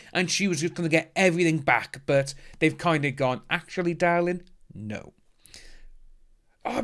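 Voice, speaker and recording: A man's voice: fairly high pitch, a bit bright. A man hosting a casual livestream, chatting upbeat and thanking viewers by name as he reads the chat. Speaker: livestream host reading chat. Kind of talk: casual live stream chat.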